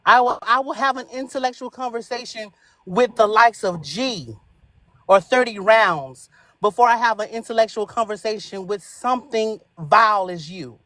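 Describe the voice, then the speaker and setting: A woman on a live audio panel debate, taunting and hurling slow, drawn-out insults. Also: fairly high pitch, fairly bright tone, no room sound. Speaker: panel speaker.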